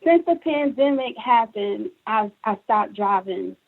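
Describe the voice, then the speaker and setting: Brooklyn-born woman, guest author, emotional animated storyteller, slightly high voice, tinny phone line. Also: measured pace, creaky. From Brooklyn, New York. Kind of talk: interview on a call-in talk show.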